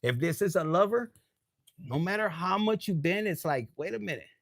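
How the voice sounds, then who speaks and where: A man's voice: high-pitched, lively intonation, moderate pace, fairly bright tone, no room sound, clean studio sound. A man giving a casual live tarot reading, tipsy, loose and profane, dropping Spanish phrases. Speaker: tarot reader.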